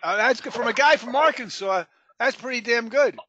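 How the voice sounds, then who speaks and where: A man's voice: extremely high pitch, moderate pace, bright, forceful tone, highs cut off, slight background noise. A man hosting a live sales training call, joking with the group and calling on people by name.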